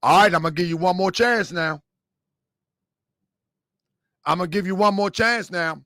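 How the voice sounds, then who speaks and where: A man voicing a folksy older Southern male sheriff in overalls, with a slow, mock-stern drawl. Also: high-pitched, fairly bright tone, no room sound, studio quality, pitched below the performer's own voice.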